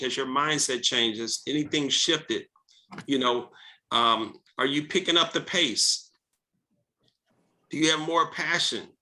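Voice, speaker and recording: A man hosting a team video call, giving an energetic motivational coaching talk and coaxing the group with questions. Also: on the high side.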